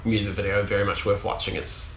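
Low-voiced man gushing in a roomy space. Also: level tone, brisk, slight background noise. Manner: gushing, enthusiastic, full of "like" fillers. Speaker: podcast co-host. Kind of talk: casual chat. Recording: roomy echo.

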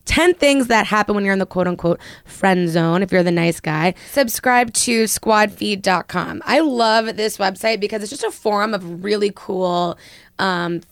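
A woman's voice: medium pitch, normal speed, dry recording. Chatty young woman telling a story. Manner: animated storyteller, many fillers. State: hoarse after a late night. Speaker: podcast co-host. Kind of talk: casual chat, storytelling.

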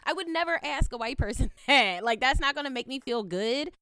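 A young woman in casual podcast talk, her pitch leaping up and down as she goes. Her voice is smooth and crisp, recorded dry and close. She is blunt and swears freely. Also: fairly quick, dry recording. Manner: blunt, profane, animated. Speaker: podcast co-host. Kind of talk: casual chat.

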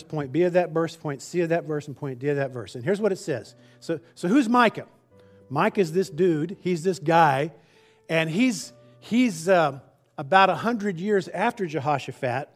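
A man preaching in a loose, conversational way, doubling back on his words as he walks through a scripture verse. His pitch sits a little high for a man. Soft music plays faintly underneath. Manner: conversational, restarts phrases, acts out the people's whining in a raised voice. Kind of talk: sermon.

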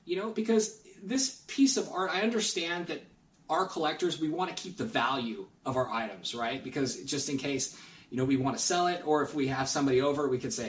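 A man's voice: fairly high pitch, a little fast. A man guest on a collecting podcast, talking in an earnest, rambling way with many restarts. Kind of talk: casual podcast chat. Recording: roomy, distant mic.

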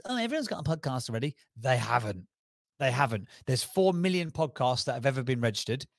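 A man with a Cockney accent, talking as a guest on a podcast interview, enthusiastic and persuasive with quick restarts. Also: mid-range voice, no room sound, studio quality. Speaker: podcast guest, brand strategist.

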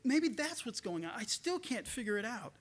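A troubled male disciple thinks aloud, his fairly high voice stumbling and circling back over the same words as he searches, voiced by a preacher in a sermon. He sounds confused, caught between doubt and hope. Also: big pitch swings. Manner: halting, repeating words as he searches.

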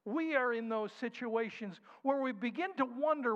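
A man preaching a sermon, dropping to soft whispers and rising to loud, slow declarations. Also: very high-pitched. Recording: dull sound with long hall reverb.

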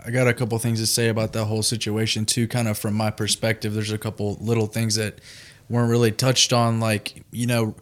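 A man, a guest, adding his view in quick, casual conversation with loose, hedging phrasing. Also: lowish voice, completely flat delivery. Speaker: guest, husband.

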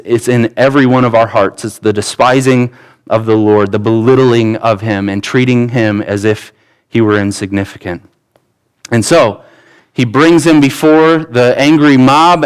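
A man preaching a sermon, acting out scripture quotes with animated shifts and frequent restarts. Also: mid-range voice. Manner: speech with frequent restarts and repeated words. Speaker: pastor.

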